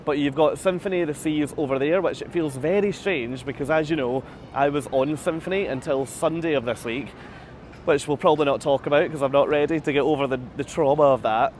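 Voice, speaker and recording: A man's voice: on the high side, brisk, a little mellow, slight background noise. A man vlogging live from the deck of a cruise ship. He answers viewer comments in a chatty, self-deprecating way, laughs often, and is slightly out of breath. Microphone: phone camera held at arm's length.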